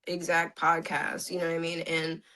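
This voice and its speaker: A woman hosting a casual podcast, thinking aloud in a relaxed and reflective way. She leans on conversational fillers as she works through her points, in a somewhat low voice. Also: normal speed, low-quality recording. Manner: reflective, with many "you know" fillers. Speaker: podcast host.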